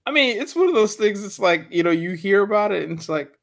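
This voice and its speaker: A man's voice: high voice, animated, quick pace, a bit bright. A man co-hosting a casual talk show, rambling and hesitant with laughs. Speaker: podcast co-host. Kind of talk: casual chat.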